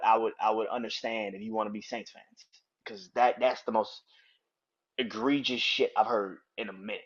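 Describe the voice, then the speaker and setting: A man's voice: fairly low pitch, a bit bright, muffled recording. A man hosting a sports podcast, ranting in a heated, profane, incredulous way. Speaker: podcast host. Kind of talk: sports opinion rant.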